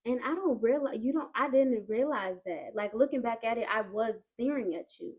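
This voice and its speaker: A woman's voice: fairly high pitch, normal speed, a little mellow. A young woman guest on a faith podcast, talking earnestly and with feeling in a casual chat. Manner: earnest, emotional about faith.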